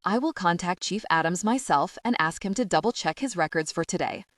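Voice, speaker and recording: A woman's voice: lowish voice, lively intonation, a little fast, no room sound, clean studio sound, recorded from a distance, natural voice. A woman reading a stiff, deferential cop. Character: hesitant male police officer.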